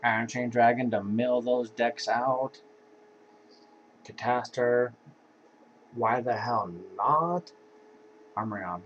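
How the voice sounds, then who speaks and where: A man casually walking through his card game deck in an offhand, laid-back way, with sighs and yawns between cards. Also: medium pitch. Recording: dull lo-fi home recording with faint hiss.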